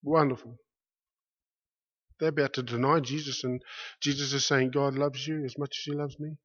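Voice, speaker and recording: A man preaching a sermon with passion, dropping to a hush and then rising loud, repeating his phrases for weight. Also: medium pitch, level tone, normal speed. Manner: impassioned, swings from hushed to loud, repeats phrases. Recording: muffled lo-fi recording.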